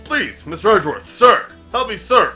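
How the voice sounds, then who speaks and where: A man's voice: sits high, very animated, normal speed, bright, forceful tone, slightly rough, soft background music, heavily acted. A man voicing a fussy older judge who speaks formally and fumbles his words in a video game playthrough.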